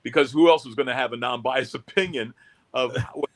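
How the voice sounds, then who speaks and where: A man's voice: mid-range voice, a little fast. A man hosting a casual chat show, telling stories with bawdy jokes. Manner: storytelling, bawdy joking. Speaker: radio host.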